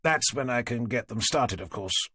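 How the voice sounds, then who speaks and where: A man's voice: medium pitch, animated, normal speed, pushed and bright, slightly rough, no room sound. A man voicing a genial old English lord. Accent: clipped upper-class English. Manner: dry self-mocking humour. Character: kindly old aristocrat, clipped and wry.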